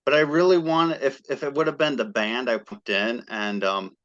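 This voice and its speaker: Excited man telling a story, lo-fi. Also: mid-range voice, moderate pace. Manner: excited, animated storyteller acting out quoted dialogue. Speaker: guest fan. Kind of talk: casual storytelling.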